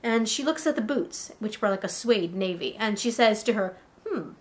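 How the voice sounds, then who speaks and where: A woman casually telling a first-person adventure story in an animated way, as a vlogger. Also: medium pitch, normal speed. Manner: animated, breathless tale-telling.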